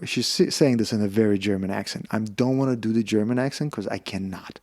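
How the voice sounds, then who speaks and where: A man's voice: lowish voice, a little fast, hardly any pauses. A man with a Russian accent, a podcast guest telling stories and acting out the dialogue in them. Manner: animated, acts out dialogue in quoted voices. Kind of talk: casual storytelling interview.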